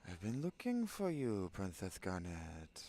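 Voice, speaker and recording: A man's voice: low voice, wildly swooping pitch, measured pace, mellow, heavily acted. A man voicing a menacing female bounty hunter from a game, with a lisp and an attempted Castilian Spanish accent. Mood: taunting. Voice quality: lisping. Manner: taunting, threatening.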